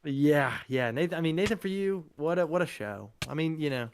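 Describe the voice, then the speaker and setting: A man's voice: fairly high pitch, animated, brisk, slight background noise. Rambling, laughing man streamer. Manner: rambling, laughing, lots of fillers. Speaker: live stream host. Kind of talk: casual chat while gaming.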